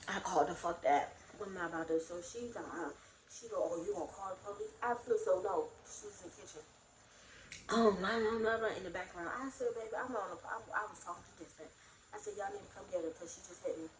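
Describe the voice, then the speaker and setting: A woman vlogger telling a storytime in a casual, blunt, animated way, acting out both sides of a quarrel. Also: medium pitch, fast talker, echoey room, slight background noise, low-quality recording. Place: room in her home.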